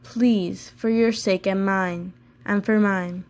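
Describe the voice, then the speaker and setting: A woman's voice: mid-range voice, fairly even intonation, takes it slowly. A woman reading aloud and voicing a loyal male stray dog in a plain, coaxing tone.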